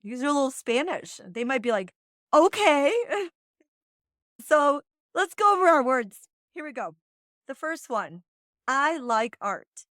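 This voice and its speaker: A woman's voice: sits high, sing-song, measured pace, fairly bright tone, no room sound, clean studio sound. A woman hosting a podcast, chatting in a bubbly, encouraging way and teaching short Spanish phrases. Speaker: podcast host. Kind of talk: casual chat.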